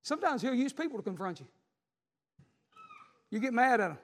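Male pastor, very high voice, fervent shouted sermon, long church reverb. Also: big pitch swings, a little fast. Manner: fervent, cries out and shouts in bursts.

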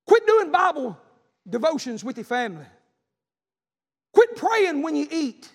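High-pitched preacher, fiery sermon. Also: male voice, big pitch swings, moderate pace, long pauses. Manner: Southern preacher cadence, repetitive and emphatic, acting out quoted voices. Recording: echoing hall.

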